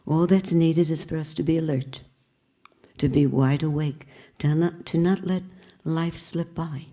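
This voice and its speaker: A woman's voice: low voice, fairly even intonation, a little slow, dark tone. A woman teacher giving a spiritual talk with storytelling, earnest and reflective.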